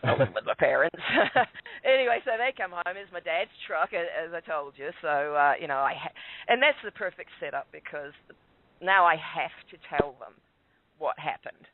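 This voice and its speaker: A man's voice: on the high side, animated, moderate pace, no room sound. A man calling in and telling a rambling, self-mocking story, chuckling along the way. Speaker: guest caller. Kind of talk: casual storytelling. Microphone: phone. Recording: tinny dry phone line.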